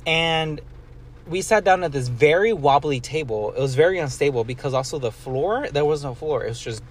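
A man's voice: on the high side, lively intonation, moderate pace. A young man rambling through a casual story, full of "like" and casual swearing, talking as a co-host.

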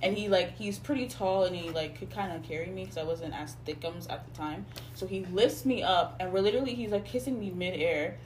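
A woman telling a long story in casual chat, animated and full of slang, acting out what people said. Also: mid-range voice, a little fast, a little hiss or hum. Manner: animated, slangy, acts out quoted voices. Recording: echoey room with faint ambience.

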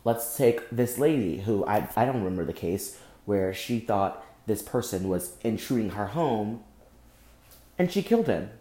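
A young man hosting a solo podcast, speaking angrily and with deep emotion, often breaking off and repeating himself. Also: lively intonation, measured pace, mellow, reverberant. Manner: angry, emotional, repeats and restarts. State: emotionally shaken. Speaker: podcast host. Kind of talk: impassioned solo podcast monologue.

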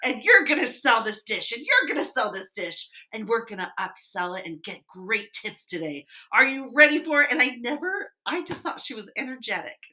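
Animated, bright-voiced woman telling stories. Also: on the high side, normal speed, hardly any pauses. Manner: animated storyteller, acts out quoted people. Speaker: podcast co-host. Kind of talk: casual chat.

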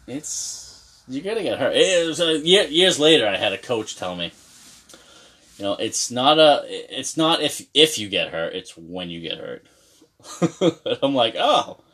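A man in his mid-thirties tells an old story in a loose, conversational way. His voice sits a little low, and he swears freely, often restarting sentences. He is from Massachusetts. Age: 30s. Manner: profane, animated storyteller with restarts. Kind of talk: casual storytelling.

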